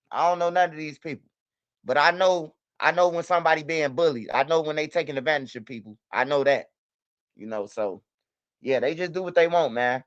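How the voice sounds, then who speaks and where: High-voiced dude ranting on his livestream, smooth crisp voice, dry dull sound, lots of cussing. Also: fairly bright tone, dry recording. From United States. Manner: loose, profane, repetitive street talk. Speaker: livestream host. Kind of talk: casual livestream talk.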